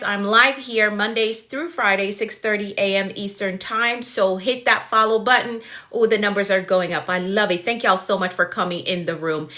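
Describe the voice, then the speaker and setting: Woman in her 40s doing a live stream as a life coach, upbeat and welcoming, says hi to everyone over and over, bright voice. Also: mid-range voice. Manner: upbeat, welcoming, repeats greetings.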